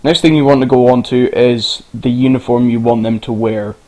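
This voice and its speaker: A man talks through a game tutorial in a loose, rambling way. He wanders off track and swears now and then. His pitch sits in an ordinary middle range. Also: steady tone, normal speed, warm tone, low-quality recording. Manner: rambling, informal, swears casually. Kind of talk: casual screen-recorded game tutorial.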